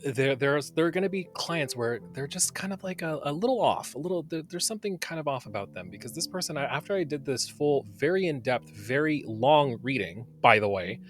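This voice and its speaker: A man co-hosting a podcast, chatting casually as a tarot reader, expressive and swearing, with many fillers and restarts. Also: on the high side, fairly quick, hardly any pauses, faint music behind. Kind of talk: casual chat.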